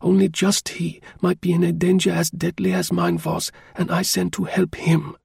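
Fierce, proud woman spy, high and gravelly, as a male reader puts her on, intense, quietly furious. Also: little pitch movement, moderate pace, no room sound, studio quality, exaggerated voice. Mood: pleading.

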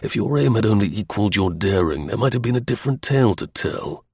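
A man's voice: on the low side, animated, fast, a little mellow, husky, no echo, studio quality. A man voicing a stern male secret service agent who talks in clipped, threatening lines. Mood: menacing.

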